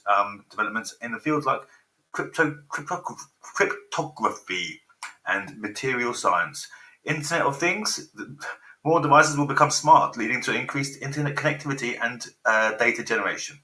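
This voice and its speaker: A man's voice: medium pitch, sharp tone. A man in his forties hosting a rambling live stream, swearing freely and getting sidetracked by technical trouble. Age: 40s. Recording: roomy echo.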